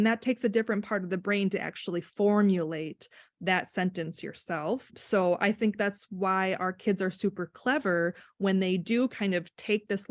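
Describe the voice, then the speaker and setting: Middle-aged woman guest, lively storyteller, close dry sound. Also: medium pitch, dry recording. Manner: animated storyteller, acts out quotes with laughter. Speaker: guest, speech-language pathologist. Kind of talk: casual podcast chat.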